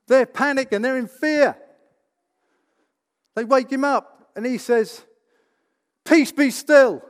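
A man's voice: very high voice, slow pace. Emphatic male preacher. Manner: emphatic, rhetorical questions. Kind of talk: sermon. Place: church. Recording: reverberant church hall.

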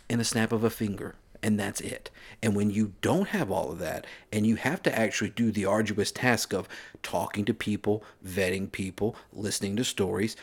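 A man co-hosting a podcast in casual chat, ranting in an animated, incredulous way. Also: mid-range voice. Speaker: podcast co-host.

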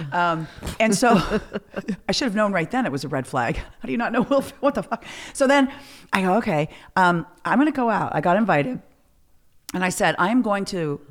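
A middle-aged woman chatting casually as a host. She tells her story with lively energy, swears freely and slips into the voices of the people she quotes. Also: on the low side. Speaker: podcast host.

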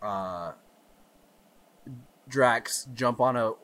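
A man's voice: medium pitch, extremely slow, fairly bright tone. A man co-hosting a podcast, eagerly retelling movie scenes in casual chat. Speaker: podcast co-host.

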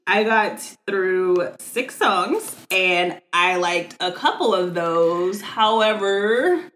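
A woman's voice: mid-range voice, expressive, drawn-out words, fairly bright tone. A woman co-hosting a podcast, chatting casually with lots of "like" fillers and frequent laughs. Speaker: podcast co-host. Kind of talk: casual chat. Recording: roomy echo.

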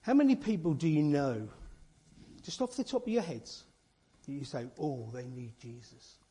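A man delivers a homely, earnest sermon, tossing out rhetorical questions and friendly asides to his congregation. His voice is mellow and slightly husky, sitting a little higher than most men's. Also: big pitch swings, moderate pace. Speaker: church elder and lay preacher. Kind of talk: informal sermon.

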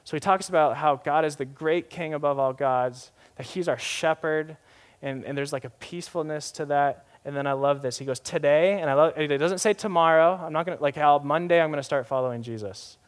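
A young adult man preaching a sermon as pastor, swinging from emphatic to hushed and slowing down for key phrases. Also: on the high side.

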